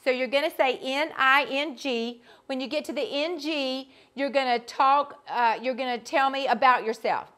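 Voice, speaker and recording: A woman's voice: sits high, normal speed, hardly any pauses, sharp tone. A middle-aged woman with a Georgia accent, teaching a group as a vocal coach in a chatty, folksy way. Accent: Southern US, Georgia. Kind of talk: live teaching session.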